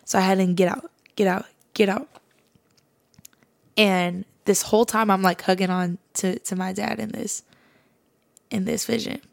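Earnest woman with a gravelly edge. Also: medium pitch, fairly even intonation, a little slow, long pauses. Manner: casual, earnest, fills speech with "like". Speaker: podcast host. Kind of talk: personal faith testimony.

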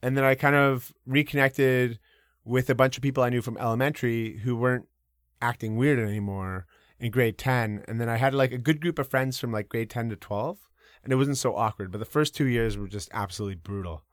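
A man recounts his own stories in a loose, animated way, full of fillers and the occasional curse. His pitch sits mid-range for a man. The sound is close and dry, with no room around it. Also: fairly quick, dry recording. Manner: animated, many fillers, casual swearing. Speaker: podcast guest. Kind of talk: casual storytelling.

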